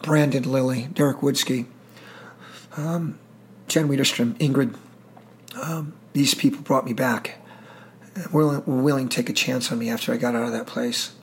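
A man's voice: medium pitch, fairly even intonation, normal speed, long pauses, a little hiss or hum. A middle-aged man telling war stories in an interview, intense, emotional and profane. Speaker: guest, military veteran. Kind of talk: storytelling interview.

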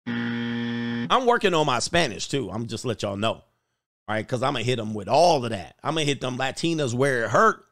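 A man's voice: mid-range voice, lively intonation, moderate pace, a bit bright, dry recording, studio quality. A man hosting a casual livestream, joking and rambling and often laughing as he talks. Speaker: host.

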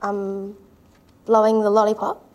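A woman playing an auditioning actress in a comedy sketch, speaking in a hesitant, halting way. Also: mid-range voice, monotone, a little mellow, dull audio.

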